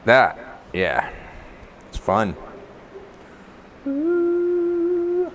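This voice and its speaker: A man chats slowly and casually on a live stream, his voice close and clear from a clip-on mic at home. He rambles and pokes fun at himself between asides to his pets. A faint hiss sits under the recording. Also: lowish voice, animated, a bit bright. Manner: rambling and self-mocking, talks to his cats. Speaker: livestreamer. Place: at home indoors. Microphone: clip-on lapel mic.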